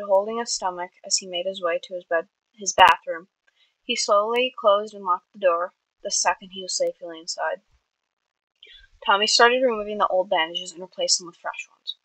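Bright-voiced woman reading her story. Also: mid-range voice, dry recording, rough recording. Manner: reads with small slips and self-corrections. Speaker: amateur writer.

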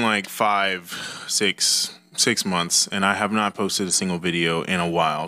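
A man's voice: lowish voice, pushed and bright. A young man telling a casual, rambling story with profane, exasperated asides, as a storytime YouTuber.

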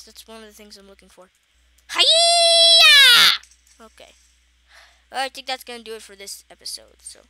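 A woman's voice: fairly high pitch, sharp tone. A woman casually commenting on her own survival game, chatty and playfully exasperated, talking to herself as she plays. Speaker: gaming channel host. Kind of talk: casual Minecraft let's play commentary.

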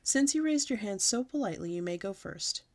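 A woman's voice: medium pitch, lively intonation, brisk, darkish tone, close to an everyday voice. A woman reading a storybook aloud and voicing a cheerful, patient female kindergarten teacher who addresses the class encouragingly.

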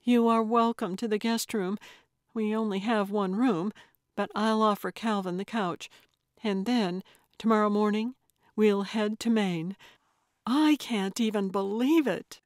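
A woman's voice: medium pitch, unhurried, dry recording, studio quality, natural voice. A woman voicing an emotional adult daughter coming home, speaking breathlessly. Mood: flustered.

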